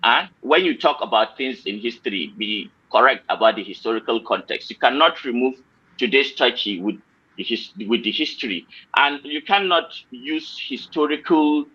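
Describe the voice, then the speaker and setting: Forceful male panelist from Nigeria, stop-start delivery, lots of uh and um, dull lo-fi call sound. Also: mid-range voice, lively intonation, husky. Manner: halting, many fillers and repeated words. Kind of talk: heated online panel debate.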